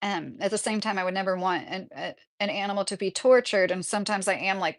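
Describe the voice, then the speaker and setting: A woman's voice: medium pitch, a little fast, hardly any pauses. Woman, live-stream host, rambling casual chat, lots of fillers. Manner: chatty, rambling, with frequent fillers. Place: rural home.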